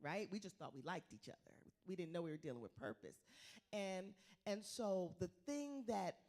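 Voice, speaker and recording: A woman's voice: on the low side, moderate pace. A middle-aged woman, a pastor speaking frankly and casually to her congregation. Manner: candid, lively, tells it straight.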